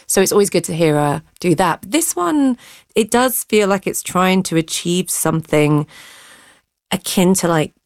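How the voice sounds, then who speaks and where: Woman critic, chatty opinions, low voice, dry studio. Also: lively intonation, moderate pace, dry recording. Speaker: film critic. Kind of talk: radio arts discussion. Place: radio studio.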